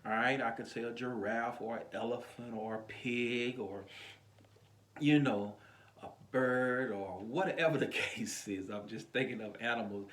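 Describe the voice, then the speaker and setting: A male pastor giving a casual sermon to his online viewers, chatty and animated, with a chuckle here and there. His voice sits at an ordinary middle pitch. The phone recording carries the echo of a roomy space. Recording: echoey room.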